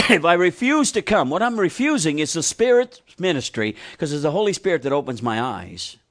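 A man's voice: on the high side, very animated, brisk, fairly bright tone. A man preaching a sermon, asking the congregation questions and repeating key phrases for emphasis. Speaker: pastor.

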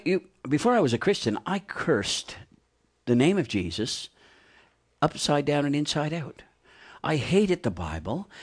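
A man preaching a sermon, asking the congregation questions and repeating key phrases for emphasis. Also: medium pitch. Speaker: pastor.

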